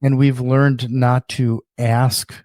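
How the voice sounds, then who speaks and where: A man with an average-pitched voice hosts a relaxed podcast interview and asks his guest follow-up questions. He often restarts his sentences mid-thought. The recording is dry and close-miked, with no room sound. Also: slow pace, no room sound. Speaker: podcast host.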